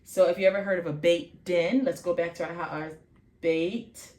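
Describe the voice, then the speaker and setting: Female teacher, lowish, very slow and patient, repeats sounds, self-corrects; roomy echo. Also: fairly even intonation, darkish tone. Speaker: faith channel host teaching vocabulary. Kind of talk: informal language lesson.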